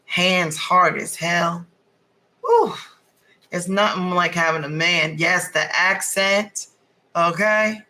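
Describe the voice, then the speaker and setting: A woman giving a casual tarot card reading, blunt and animated, swearing freely as she talks. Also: lowish voice, takes it slowly, low-quality recording. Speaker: tarot reader.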